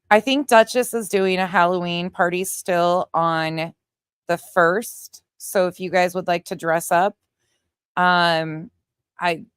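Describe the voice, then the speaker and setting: A middle-aged Southern woman hosts a casual livestream, chatting loosely with viewers and laughing a lot. Her voice sits a little low for a woman. The sound is dry and close, with no room echo. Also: clean tone. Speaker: livestream host. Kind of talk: casual livestream chat reading comments.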